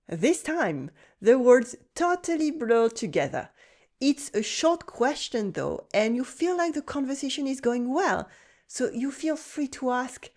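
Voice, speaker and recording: A woman with a French accent teaching French, narrating a calm, encouraging scripted lesson. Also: on the high side, measured pace. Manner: calm, encouraging, acts out short French dialogue lines.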